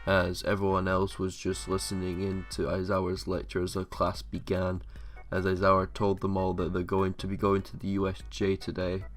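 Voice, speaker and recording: Low-voiced man reading fan fiction. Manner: casual, rambling, repeats filler words. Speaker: channel host.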